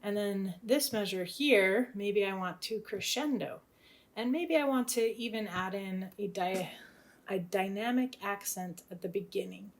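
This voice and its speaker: A woman teaching music theory, talking through a composition step by step, thinking aloud in a tentative, relaxed way. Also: mid-range voice, a little slow.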